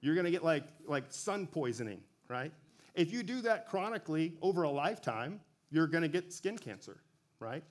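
A man's voice: fairly high pitch, big pitch swings, moderate pace. Man preaching a casual, joking sermon. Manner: conversational, self-correcting, joking asides.

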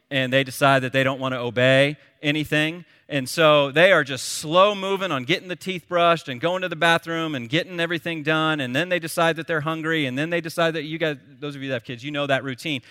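Lively, bright-voiced pastor preaching in a hall. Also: male voice, fairly high pitch, clear, resonant tone, clean studio sound. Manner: storytelling, animated and conversational. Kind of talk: sermon.

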